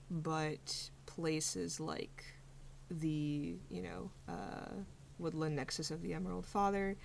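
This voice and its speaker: A woman running a tabletop game as game master, narrating slowly with many fillers and pauses. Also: low voice, vocal fry, a little hiss or hum. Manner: slow, hesitant with many fillers.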